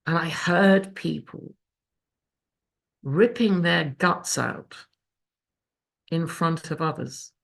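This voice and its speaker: Woman, lowish voice, raw emotional recovery share, swears, video call. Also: slow, gravelly, long pauses. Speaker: speaker sharing her recovery story. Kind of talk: personal testimony at a support meeting.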